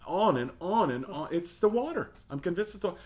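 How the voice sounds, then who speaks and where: A middle-aged man, an opera singer, telling stories in a casual interview, animated and laughing often. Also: high voice, a little fast.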